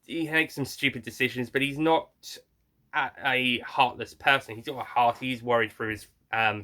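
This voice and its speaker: A man's voice: mid-range voice, sharp tone. A man giving a casual, rambling spoken film review, frank and blunt, with frequent restarts and the odd swear word.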